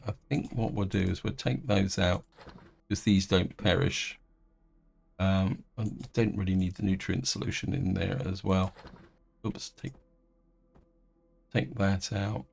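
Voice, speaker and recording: A man's voice: low voice, steady tone, slow pace, creaky, pauses often, slightly rough. A man giving casual, rambling commentary while playing a space game, with frequent restarts and fillers. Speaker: gaming video host. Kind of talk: casual let's-play commentary.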